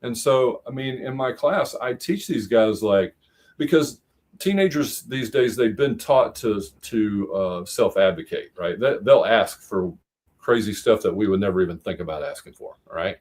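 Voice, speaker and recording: A middle-aged man from the United States, a high school teacher and veteran, chatting as a guest on a streamed show and rambling through stories with many restarts. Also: expressive, normal speed, a little mellow. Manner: rambling storyteller, acts out quotes, many restarts. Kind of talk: casual chat on a streamed show.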